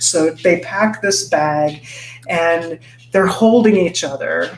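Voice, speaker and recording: Taking her time in a lowish voice, a woman retells the plot of a book as co-host of a relaxed book-club podcast, often filling gaps and starting over. Faint background noise and a roomy echo are audible.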